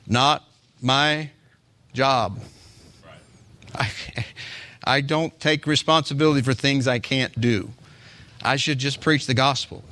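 A man's voice: medium pitch, sharp tone. A male pastor preaching a sermon in a conversational way, with speech and rhetorical asides to the congregation.

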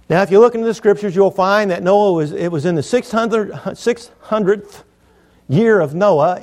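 A middle-aged man preaches a sermon with a slightly high-pitched voice. He tells it in a folksy, joking manner, pressing hard on some lines and dropping to quiet asides on others. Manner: folksy, jokey, swings between loud emphasis and quiet asides.

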